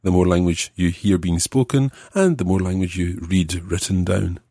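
A man's voice: low voice, moderate pace, warm tone, dry recording, studio quality. A man hosting a language podcast, patiently explaining grammar while stuffed up with a cold.

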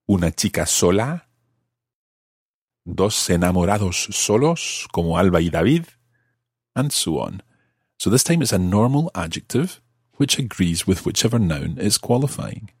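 A man, patiently explaining grammar with slow, worked examples on a language-learning podcast. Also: sits low, a little mellow, breathy edge, no room sound, studio quality. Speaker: language teacher.

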